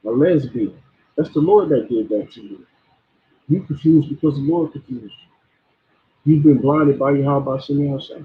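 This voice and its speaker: A man's voice: mid-range voice, moderate pace, pauses often. A man giving an informal sermon, blunt and preachy, often repeating words and stumbling over them. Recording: tinny phone-like sound.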